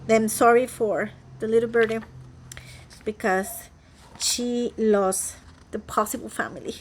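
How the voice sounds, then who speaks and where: Chatty Costa Rican woman, fairly high voice. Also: fairly even intonation, measured pace, a little hiss or hum. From Costa Rica. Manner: chatty, rambling, many restarts and fillers. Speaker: flosstuber, cross-stitch vlogger. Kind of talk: casual chat to camera. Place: home, indoors.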